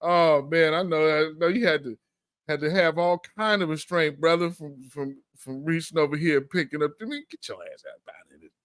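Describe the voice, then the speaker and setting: A man's voice: fairly high pitch, moderate pace, a bit bright, clear, resonant tone, no echo, studio quality. A man hosting a political commentary show, talking in an emphatic, slangy, fired-up way.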